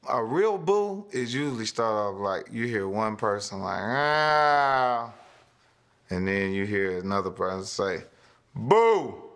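A man comedian in a documentary interview who mimics a booing crowd with loud, high yells. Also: clean tone.

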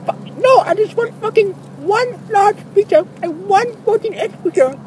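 A man's voice: very high voice, animated, brisk, a little mellow, pitched above the performer's own voice. A man voicing a touchy, foul-mouthed young male customer on a prank phone call, insisting the odd voice is his real accent. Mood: irritated. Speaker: prank caller. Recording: phone call with background noise.

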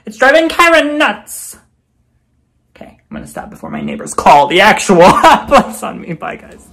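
A man vlogging casually while getting ready, chatty and playful, often dropping into quiet muttered asides. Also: fairly high pitch, huge pitch swings, a little fast, creaky. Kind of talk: casual get-ready-with-me vlog.

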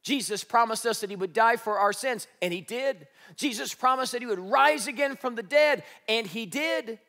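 A man preaching a sermon as pastor, asking the congregation rhetorical questions and swinging from loud declarations to hushed, slowed phrases for emphasis. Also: very high-pitched. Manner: dramatic shifts from loud to hushed, slows for emphasis. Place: church stage.

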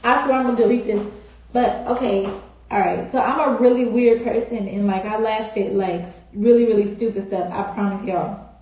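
A woman's voice: medium pitch, steady tone, normal speed, darkish tone. A young woman, chatting casually and rambling to her viewers on a phone live stream, full of "like" and "y'all". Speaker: social media personality on a live stream. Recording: very echoey room on a phone.

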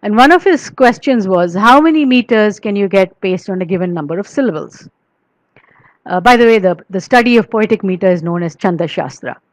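A woman's voice: mid-range voice, animated, fairly quick, dry recording, rough recording. A woman giving an academic lecture, explaining patiently with frequent fillers and restarts, and chanting verse in rhythm. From India.

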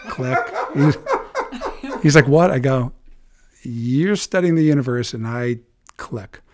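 A man, a podcast guest, telling an animated story, acting out the dialogue with laughs and sound effects. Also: medium pitch, takes it slowly, long pauses.

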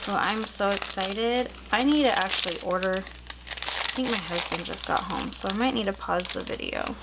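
A young woman in casual chat, unboxing planner supplies at home, gushing and excitable with frequent gasps. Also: mid-range voice, normal speed, gravelly, heavy background noise. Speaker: planner vlogger. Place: home room.

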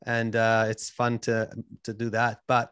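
A man's voice: mid-range voice, monotone, measured pace, a bit bright, clear, resonant tone, no room sound. Chatty man with a mixed Canadian-British-Israeli accent. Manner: rambling, self-deprecating, chatty. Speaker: podcast host being interviewed. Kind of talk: casual interview conversation.

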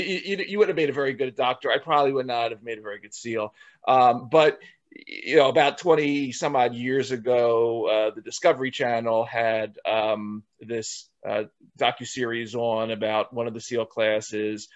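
A man hosting an interview, rambling and repeating words as he leads into a question. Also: medium pitch. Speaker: host. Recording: dull lo-fi sound.

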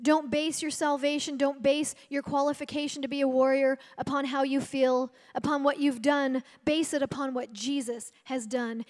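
A woman's voice: high-pitched, flat delivery, moderate pace, hardly any pauses, darkish tone, long reverb tail. A woman preaching a sermon, telling a personal story and then rising into a rousing call to the congregation. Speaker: guest preacher.

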